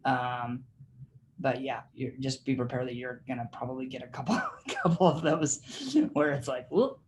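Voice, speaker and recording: Guy teaching a class over a video call, mid pitch, super casual, lots of ums, laughs through stories. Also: normal speed, slight background noise. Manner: chatty and informal, many fillers, laughs while telling stories. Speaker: real estate class instructor. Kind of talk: casual teaching of a training session.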